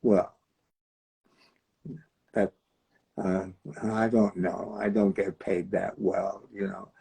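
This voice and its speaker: An older man hosting a show, talking to viewers in a slow, rambling, fond way. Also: deep voice, level tone, creaky, dark tone, slightly rough, low-quality recording. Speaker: host. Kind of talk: casual chat to viewers.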